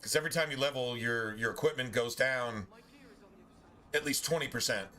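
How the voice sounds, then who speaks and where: A man's voice: medium pitch, normal speed, pushed and bright. A man giving blunt, profane, rambling commentary while streaming a video game. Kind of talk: casual gameplay commentary.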